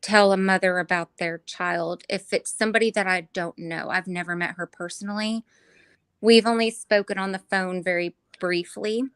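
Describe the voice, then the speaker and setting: A woman guest speaking in a weary, flat way, halting with restarts and fillers. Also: fairly low pitch, smooth, no echo.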